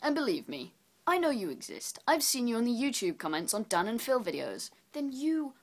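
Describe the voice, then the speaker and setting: A woman from England with an English accent, giving a blunt, sweary, mock-serious explainer to the camera, swinging from high exclaims to low muttered asides. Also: very animated, normal speed. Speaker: vlogger. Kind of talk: sarcastic explainer rant.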